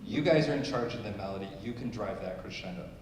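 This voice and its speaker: A man coaching a school string orchestra in rehearsal, giving brisk instructions, singing phrases and counting the players in. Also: on the low side, noisy background. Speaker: orchestra clinician. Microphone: distant camera mic. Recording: echoey hall from far off, orchestra audible. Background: string orchestra playing.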